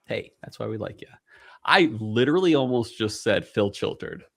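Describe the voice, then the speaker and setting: A male podcast host talking in a loose, joking way and drifting off into tangents with lots of filler words. His delivery is animated, with a bright and forceful tone and a pitch that moves around a lot. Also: moderate pace, vocal fry. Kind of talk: casual podcast chat.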